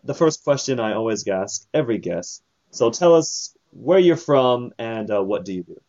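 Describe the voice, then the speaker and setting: A man's voice: mid-range voice, animated, moderate pace, dark tone. A man hosting a podcast interview, upbeat and brief, laughing along. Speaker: podcast host. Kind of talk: casual interview. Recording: dull lo-fi podcast audio.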